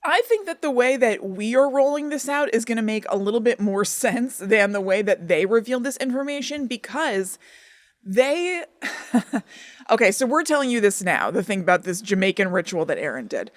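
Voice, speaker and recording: A woman co-hosting a podcast, talking in a casual, animated and incredulous way. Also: a little high, moderate pace, no room sound. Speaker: podcast co-host. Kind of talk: casual chat.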